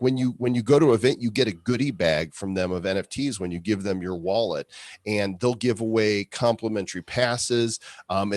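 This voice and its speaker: A man hosting a podcast, chatting briskly with fillers as he reads a sponsor spot. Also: lowish voice, no room sound, studio quality. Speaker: podcast host. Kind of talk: podcast talk with sponsor read.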